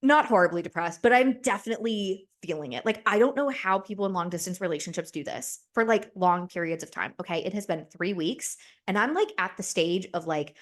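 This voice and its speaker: A woman's voice: on the low side, expressive, brisk, few pauses. A woman in her twenties hosting a solo podcast, talking casually and animatedly, rambling with lots of "like" and "right?" and swearing freely. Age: 20s. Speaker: podcast host.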